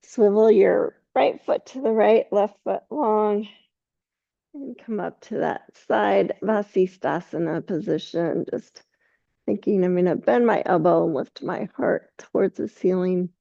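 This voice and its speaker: A woman guides a yoga class with unhurried, calm cues. Her voice is mellow and slightly gravelly. The sound is dry and a little dull. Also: medium pitch, no room sound. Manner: slow, calm cueing with soft laughs. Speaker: yoga teacher.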